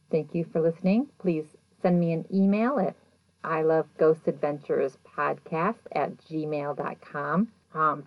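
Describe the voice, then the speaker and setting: Woman podcast host, low voice, dry lo-fi home mic, chatty recap. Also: no room sound. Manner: chatty, animated retelling with quoted voices. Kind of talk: casual episode recap.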